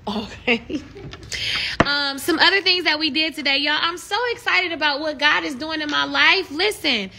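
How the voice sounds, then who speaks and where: A young woman hosting a casual live stream, talking with fans and turning to animated, preachy encouragement. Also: sits high, moderate pace, vocal fry. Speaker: livestream host.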